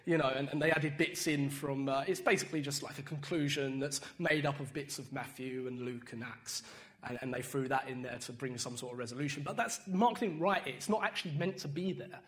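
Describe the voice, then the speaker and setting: A man's voice: medium pitch, a little fast, fairly bright tone. A young man preaching an informal sermon in a conversational way, repeating words and often checking in with "right?".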